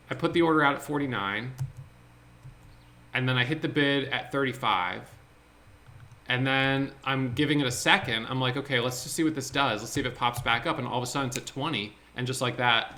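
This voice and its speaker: Excitable bright-voiced man recapping trades. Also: mid-range voice. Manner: excitable, thinking aloud with quick restarts. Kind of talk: casual screen-share trade recap.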